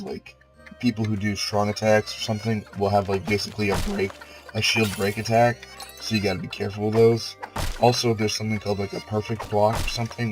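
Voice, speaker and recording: A man's voice: on the low side, rough recording. A man who is sick, casually talking through a video game he plays, rambling with lots of filler words and the odd swear. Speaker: let's player. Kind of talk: casual gameplay commentary.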